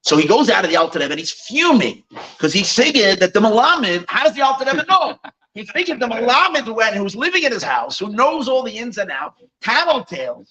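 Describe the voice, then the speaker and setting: A man, a rabbi, telling a Chassidic story at an evening gathering, animated, with many restarts and Yiddish phrases mixed in. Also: very high-pitched, low-quality recording.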